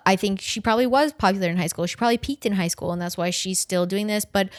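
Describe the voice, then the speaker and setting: A woman with a lowish voice giving her opinions in a blunt, emphatic way on a casual podcast. She swears freely and leans on "like" as she talks. Her voice is recorded close and dry. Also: no room sound. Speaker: podcast co-host.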